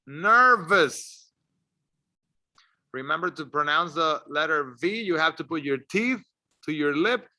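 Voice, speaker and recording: A man teaching an English lesson, encouraging and drilling words clearly for learners to repeat. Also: on the high side, normal speed, bright, forceful tone. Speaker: ESL teacher. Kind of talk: slow, deliberate English lesson.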